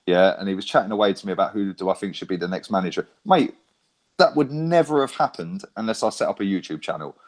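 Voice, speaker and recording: A man's voice: deep voice, expressive, quick pace. A man in casual chat, swearing freely and constantly checking for agreement. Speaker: fan YouTuber guest.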